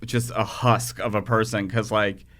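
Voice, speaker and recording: A man's voice: on the low side, flat delivery, a little slow, fairly bright tone. A man co-hosting a podcast, talking casually with many fillers. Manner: rambling, filler-heavy talk. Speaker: podcast co-host. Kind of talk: casual chat.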